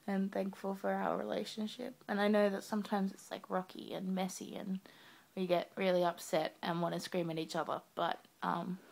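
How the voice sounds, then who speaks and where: A young woman recording a sleepy video message to her partner in her bedroom at night, talking softly with her eyes closed. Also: medium pitch, gravelly. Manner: soft, drowsy and affectionate, talking with eyes closed. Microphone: webcam.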